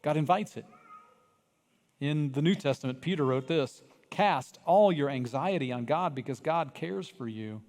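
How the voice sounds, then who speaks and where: Animated male pastor in reverberant church. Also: on the high side, normal speed. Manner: animated, acts out voices of people in the story, swings from loud cries to hushed. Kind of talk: sermon. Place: church sanctuary. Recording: long reverb of a church hall.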